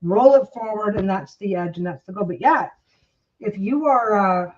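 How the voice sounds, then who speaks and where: A woman's voice: medium pitch, lively intonation, normal speed, lo-fi sound. A woman vlogging while she quilts at home. She chats casually with many restarts and coos at her dogs. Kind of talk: casual chat while crafting.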